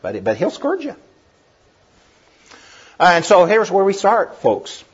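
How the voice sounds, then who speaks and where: A middle-aged man preaching a sermon, lively and given to laughing asides and acting out voices. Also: high voice, slow pace, breathy edge. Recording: dull lo-fi recording.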